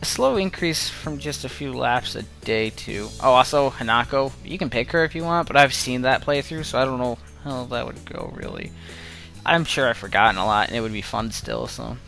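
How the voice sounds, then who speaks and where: A man's voice: mid-range voice, expressive, gravelly, pushed and bright, faint music behind. Young man rambling over a visual novel. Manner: rambling, self-interrupting, quick to laugh. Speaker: let's play gamer. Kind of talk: reading a visual novel aloud with chatty asides.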